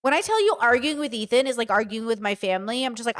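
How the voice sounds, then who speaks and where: Animated woman streamer. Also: on the high side. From United States. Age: 30s. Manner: animated, rapid, emphatic. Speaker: streamer reacting to a debate. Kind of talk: live-stream reaction commentary.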